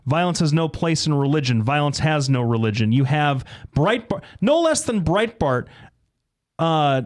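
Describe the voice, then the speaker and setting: An American man co-hosting a political talk show, his voice sitting a little high. He counters point by point and reads quotes aloud, getting louder and higher when he is pushed. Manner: rebuttals reading quotes aloud, rising when pressed. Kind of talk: heated political debate.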